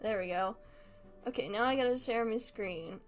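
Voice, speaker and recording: A young woman chats on a live stream as she draws, her voice sitting a bit high. She rambles from one thing to the next, laughs a lot and pokes fun at herself. A little music plays quietly in the background. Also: moderate pace. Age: young adult. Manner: giggly, scattered, self-mocking. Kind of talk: casual chat while drawing on stream.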